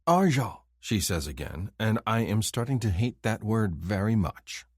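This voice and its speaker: A man narrates an audiobook from a script in a measured, even storytelling style. His voice is lowish, and the studio-quality recording has no echo.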